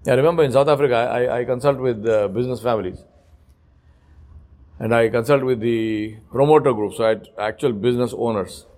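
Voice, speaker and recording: A man delivering a religious lecture to young men. He is emphatic and repeats his points, drops to quiet asides, then rises to loud, pointed lines. He asks rhetorical questions throughout. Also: medium pitch, a little fast. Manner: storytelling with repeated phrases. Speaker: Islamic lecturer.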